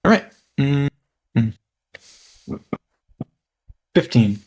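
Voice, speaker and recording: A man's voice: medium pitch, lively intonation, extremely slow, husky. A man playing a tabletop game, hesitant and checking the rules as he goes. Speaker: player.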